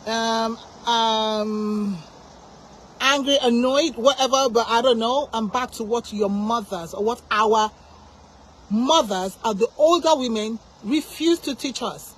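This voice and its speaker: A woman's voice: on the high side, slow, rough recording. A woman hosting a faith channel, speaking in a fired-up, emphatic, preachy way with many restarts. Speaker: Christian channel host. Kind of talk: passionate faith talk to camera.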